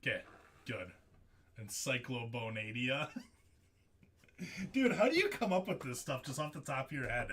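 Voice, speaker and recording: A man hosting a live card break, excitable and jokey, laughing often as he calls out hits. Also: medium pitch, unhurried, long pauses. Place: studio.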